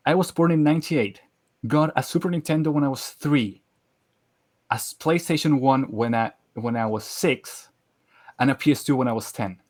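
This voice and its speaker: Relaxed young man from Chile. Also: medium pitch, normal speed. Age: 20s. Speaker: guest. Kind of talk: casual chat.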